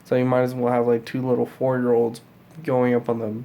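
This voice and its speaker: A man's voice: mid-range voice, completely flat delivery, fairly quick, mellow, a little hiss or hum. A man in his twenties talking in a casual vlog, rambling and swearing, with many fillers. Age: 20s. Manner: rambling, profane, full of fillers. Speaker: vlogger.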